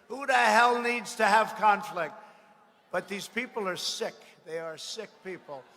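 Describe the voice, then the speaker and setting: A man giving a rally speech, boastful and mocking, repeating himself and bursting into shouts. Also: high voice, a little slow. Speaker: political speaker at a rally. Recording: echoey hall with faint ambience.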